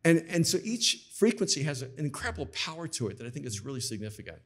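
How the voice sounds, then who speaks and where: A middle-aged man telling lively anecdotes as an author guest on a podcast taped live, acting out the people he quotes. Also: medium pitch, fast, breathy edge. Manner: animated anecdotes, acts out quoted voices. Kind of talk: conversational storytelling.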